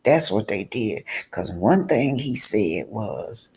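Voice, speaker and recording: A man's voice: on the low side, sing-song, slow, gravelly, darkish tone, breathy edge. A man giving casual vlog commentary on a reality show, talking straight to his viewers and repeating points for emphasis.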